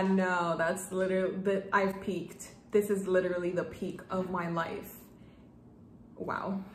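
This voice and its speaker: Gushing young woman in an echoey room. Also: medium pitch. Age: 20s. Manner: gushing, excitable, stumbles over words. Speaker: book vlogger. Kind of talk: casual vlog chat. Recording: echoey room, faint background hum.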